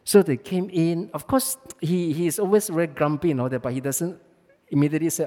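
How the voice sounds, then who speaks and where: A man's voice: fairly high pitch, a little fast, mellow. A man preaching a sermon, emphatic, with many restarts and fillers. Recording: long hall reverb.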